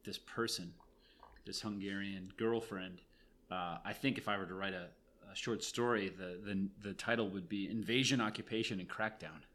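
Halting, low-voiced man in chat. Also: steady tone, fairly bright tone. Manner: halting, stammering. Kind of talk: casual chat.

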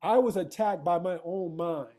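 A man's voice: high voice, moderate pace, dark tone. A man telling a personal story in casual conversation, emphatic and street-casual, full of rhetorical questions to his listener. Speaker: guest.

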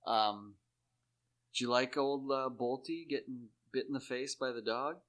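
A man talking in rambling, profane casual chat, jumping into high put-on voices to act out scenes. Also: a little slow. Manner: animated, acts out characters in high put-on voices. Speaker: podcast co-host.

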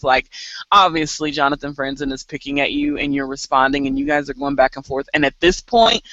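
A woman co-hosting a casual podcast chat, talking in an animated way with laughs and exasperated asides. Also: sits low, no room sound, dull audio. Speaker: podcast co-host.

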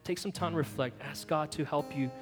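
In a church hall, a pastor preaches a sermon, earnest and pleading, leading the church in prayer. His voice is on the high side and a little fast, with long reverb and soft guitar music behind him.

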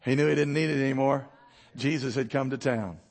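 A man pastor preaching a sermon, acting out Bible characters in quick voices and dropping low and quiet for emphasis. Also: steady tone.

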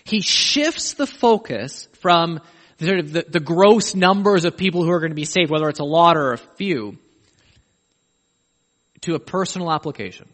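High-voiced preacher in an echoey hall. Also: male voice, lively intonation, normal speed, fairly bright tone. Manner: emphatic, pleading questions to the listener. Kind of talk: sermon. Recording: echoey hall with long reverb.

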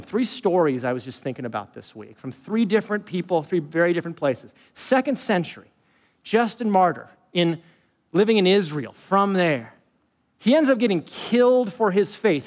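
Male pastor with a high voice, emphatic sermon delivery, hall echo. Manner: emphatic, swings from loud to hushed storytelling.

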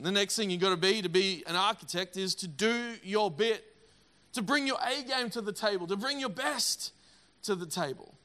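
A middle-aged man preaching a sermon, energetic and emphatic, often repeating words. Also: sits high, moderate pace. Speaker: pastor.

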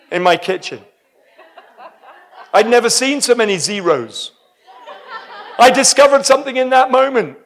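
A man preaching a sermon full of stories, exuberant and breaking into shouts at high points. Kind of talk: sermon with storytelling.

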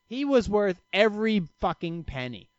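A man talks on his own podcast in a loose, rambling way, swearing freely and cutting himself off mid-thought. His voice sits a little high for a man and swings widely up and down. The sound is dry and a bit dull, like a home lo-fi setup. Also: sing-song, moderate pace, dry recording. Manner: rambling, profane, self-interrupting storyteller. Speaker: podcast host. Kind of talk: casual solo podcast chat.

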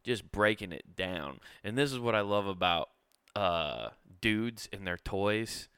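A man's voice: lowish voice, lively intonation, unhurried, a bit bright, smooth, no room sound, clean studio sound. A young man hosting a podcast, telling a casual, rambling story full of swearing and restarts. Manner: laid-back, profane, rambling with many restarts. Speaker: podcast host.

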